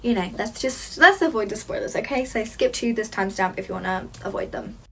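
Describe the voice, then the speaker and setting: A teenage girl chatting casually in a reading vlog, gushing and excitable, swearing now and then, tired late at night. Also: mid-range voice, fairly quick, gravelly, breathy edge. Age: teens. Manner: gushing, excitable, swears, mixes soft asides with loud outbursts. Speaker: reading vlogger. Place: bedroom at home with a fan running.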